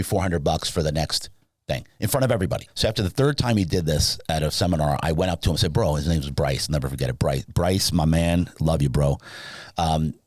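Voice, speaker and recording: A very low-voiced man tells a rambling personal story as a podcast guest. He gets animated and jumps his voice way up when he acts out dialogue. The sound is dry and close, with no room echo. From Southern California. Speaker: podcast guest, sleep business founder. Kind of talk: casual storytelling interview.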